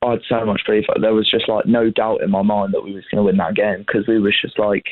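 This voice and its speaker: A man's voice: lowish voice, flat delivery, fast talker, a little hiss or hum. A young man calling in by phone, casual and full of fillers like "like.". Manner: casual, lots of "like". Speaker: caller. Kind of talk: phone-in call. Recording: tinny phone line.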